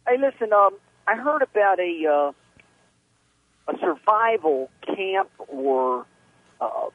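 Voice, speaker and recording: A man's voice: high-pitched, sing-song, slow pace, no echo. A man calling in to a radio show, friendly and hesitant with lots of fillers. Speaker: caller. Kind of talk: phone call to a radio show. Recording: tinny phone line.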